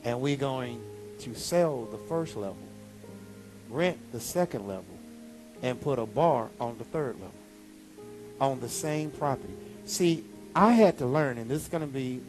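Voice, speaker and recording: A man pastor preaching a sermon, animated, with sudden high exclamations. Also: moderate pace, over music.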